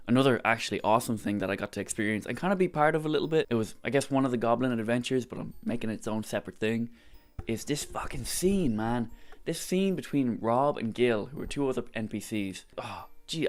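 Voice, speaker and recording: Excitable, swearing Irish guy. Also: fairly low pitch. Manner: excitable, swearing, lots of likes. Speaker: vlogger. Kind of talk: casual recap storytelling.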